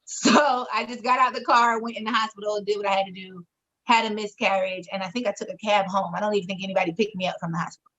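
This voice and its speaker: A podcast co-host in her thirties, with a medium-pitched, slightly bright voice, speaks quickly and with fairly even intonation. She frankly and emotionally shares a painful personal story in a chat, swearing freely. The lo-fi recording sounds slightly dull.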